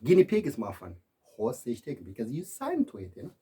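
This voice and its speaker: A man giving an emphatic, preachy monologue, repeating himself and swinging from loud to quiet. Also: mid-range voice, huge pitch swings, quick pace, husky. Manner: repetitive, keeps saying "my friend" and "okay".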